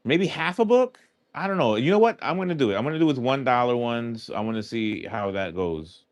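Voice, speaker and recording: A livestream host with a New York accent chats casually with his viewers, answering their questions aloud as he goes in a loose, rambling way. His mid-range voice is expressive and a little fast, with no echo.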